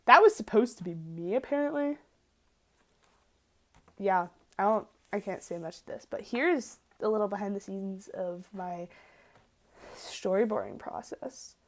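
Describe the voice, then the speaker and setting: A young adult woman talking through her sketchbook in a casual vlog, rambling and excitable, laughing often and swearing casually. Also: medium pitch, a little slow, pauses often. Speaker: art student vlogger.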